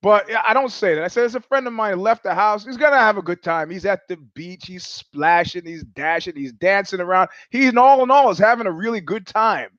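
Casting note: New man, high voice, dry close sound, sardonic profane podcast host. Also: a little fast, hardly any pauses, no room sound, lo-fi sound. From New York. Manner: profane, sardonic, animated storyteller who acts out voices. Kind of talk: casual monologue, storytelling.

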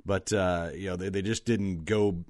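A man's voice: sits low, fairly even intonation, unhurried, a little mellow, no room sound, studio quality. A man co-hosting a casual sports talk show, easygoing and agreeable as he recalls past college teams.

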